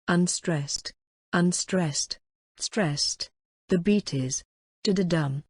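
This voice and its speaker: A woman reading scripted educational narration in a measured, explanatory way, like a teacher. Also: on the low side, a little mellow, dry recording, studio quality.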